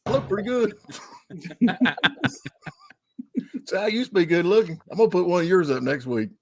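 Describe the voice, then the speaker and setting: A man's voice: sits high, animated, moderate pace, darkish tone. A man hosting a casual chat, joking and often laughing.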